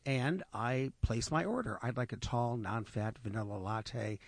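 Gravelly-voiced man telling stories. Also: mid-range voice, a little slow, dry recording. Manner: animated anecdotes with voiced quotes. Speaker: radio show co-host. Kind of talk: casual storytelling on radio.

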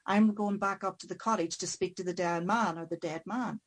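A woman's voice: on the low side, fairly even intonation, a little fast, close to an everyday voice. A woman voicing a flustered old country priest who talks in a hurry.

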